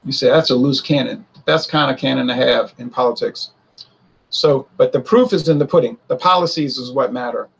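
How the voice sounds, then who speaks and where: A man giving a casual political opinion monologue, animated, often mimicking others in a high mocking voice. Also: a little fast, gravelly, breathy edge. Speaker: political commentator.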